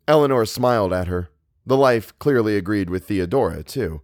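A man reading a novel aloud as a narrator, measured and expressive. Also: fairly low pitch, no room sound, clean studio sound. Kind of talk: audiobook reading.

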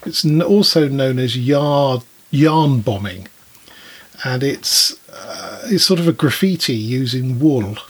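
A man's voice: medium pitch, lively intonation, slow, breathy edge. A man co-hosting a podcast, telling listener stories in a chatty way with frequent chuckles. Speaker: podcast co-host. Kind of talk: casual podcast chat.

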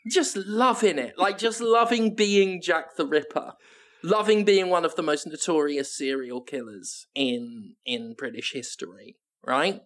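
A comedy podcast co-host improvising an absurd film pitch, animated and silly, laughing often. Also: unhurried.

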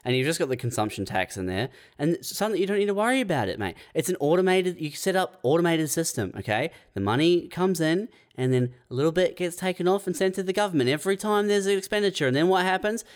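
A man's voice: on the high side, lively intonation, fast talker, hardly any pauses. A man in casual chat, joking and swearing sarcastically.

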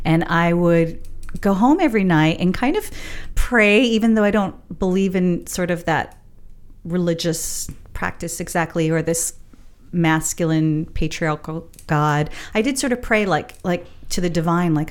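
A woman's voice: lowish voice, moderate pace. A middle-aged woman telling a personal story in a casual, rambling, reflective way, laughing now and then. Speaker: storyteller sharing her spiritual journey.

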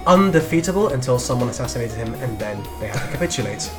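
A man's voice: mid-range voice, expressive, quick pace, music in the background. A man co-hosting a casual podcast, enthusiastically explaining history and strategy games at length, with the odd swear word. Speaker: podcast co-host.

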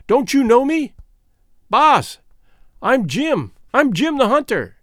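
Brief: male reader doing a hunter's servant, loud and eager, high lively pitch, storybook adventure. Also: moderate pace, dry recording, clean studio sound. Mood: overjoyed. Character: old hunter's servant Jim, excited and eager.

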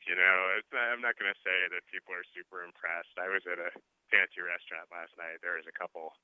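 A deep-voiced man talks over a thin, phone-like line as a radio guest. His speech is dry and close, loose and rambling, with many fillers and restarts. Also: no room sound. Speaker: finance reporter, phone guest. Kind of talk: casual radio interview. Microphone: phone call.

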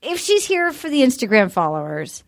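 A woman hosting a casual chat, animated and chatty, recapping a reality show. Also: fairly high pitch, normal speed. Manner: animated and chatty, jumps between thoughts. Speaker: podcast host.

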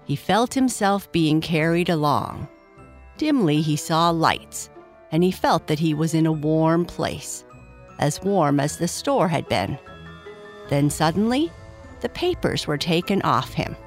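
A woman's voice: sits low, lively intonation, unhurried, faint music behind. Woman reading a children's story.

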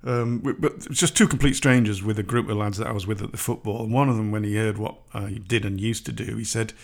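A man's voice: lowish voice, fairly even intonation, fast talker, creaky. A middle-aged man co-hosting a podcast in a rambling, self-deprecating chat, laughing often. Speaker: podcast co-host. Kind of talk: casual chat.

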